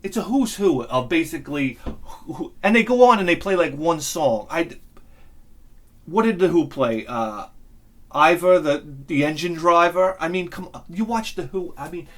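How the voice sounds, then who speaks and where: A man hosting his own channel, telling a rambling, excitable story in a casual monologue and swearing freely. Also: on the high side, moderate pace. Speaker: channel host.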